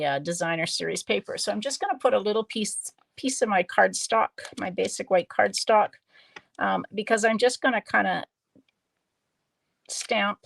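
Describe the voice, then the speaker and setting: A woman demonstrating card-making on a live stream, chatting slowly and thinking aloud as she works. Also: mid-range voice, creaky, slight background noise. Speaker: stamping demonstrator.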